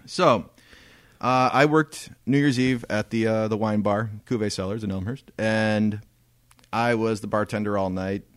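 Low-voiced man telling a rambling story. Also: steady tone, unhurried, no echo. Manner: rambling storyteller, swears freely, laughs often. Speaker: podcast co-host. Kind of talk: casual podcast storytelling.

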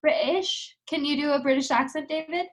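A woman's voice: high-pitched, unhurried, fairly bright tone, rough recording. A teenage girl co-hosting a casual podcast, chatty and playful. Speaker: podcast co-host. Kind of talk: casual chat.

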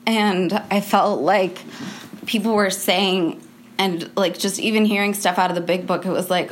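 A woman's voice: medium pitch, fairly even intonation, normal speed, slight background noise. A young adult woman telling a personal story in a casual, rambling way, filling her talk with "like" and laughing between phrases. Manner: rambling, full of "like" fillers.

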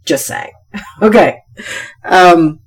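A woman's voice: lowish voice, drawn-out words, breathy edge. A woman hosting a solo podcast, talking candidly and thinking aloud to her listeners. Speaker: podcast host.

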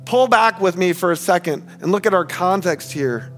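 High-voiced earnest male pastor preaching. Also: moderate pace, hardly any pauses, a bit bright, soft background music. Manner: earnest, emphatic, addresses listeners as friends; repeats key phrases for emphasis. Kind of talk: sermon. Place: church sanctuary.

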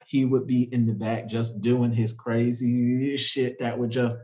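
A man talking in a casual chat among friends, halting and laughing between phrases. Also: mid-range voice, little pitch movement, warm tone, poor audio.

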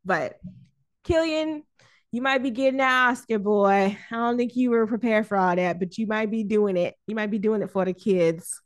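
Woman film podcast host, casual and animated, frequent laughter, mid-pitched everyday voice. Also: normal speed. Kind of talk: casual film review chat.

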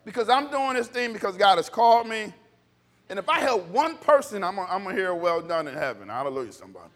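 A man's voice: high voice, sing-song, quick pace, fairly bright tone. A man with a scratchy voice preaching a sermon as pastor, calling out for responses from the congregation. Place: church hall. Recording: reverberant hall.

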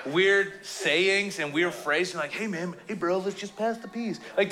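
A man with a high, bright voice preaches a relaxed, conversational sermon. He tells stories with humor and quick shifts into playful quoted voices. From Canada. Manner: jokey, animated storytelling with playful quoted voices. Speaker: pastor.

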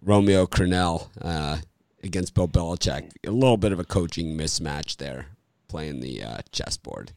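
A man's voice: low voice, normal speed, hardly any pauses, darkish tone, dry recording. A man hosting a casual sports picks chat, joking and laughing often. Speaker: podcast host.

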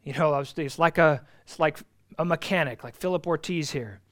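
With a fairly high voice and a brisk delivery, a man instructs grown-ups in a Bible class. He is emphatic and sincere, repeats his main points, and shifts from loud stresses to hushed asides.

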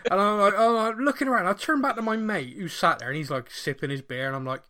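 A man with a Bristolian accent telling a story in casual chat, animated and laughing often. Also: sits high, fast talker.

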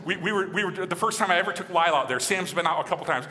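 A fairly high, bright-voiced man from Michigan preaches a sermon as a pastor, animated and acting out the voices he quotes. His voice carries a long, ringing reverb from a large hall. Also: very fast, a little hiss or hum.

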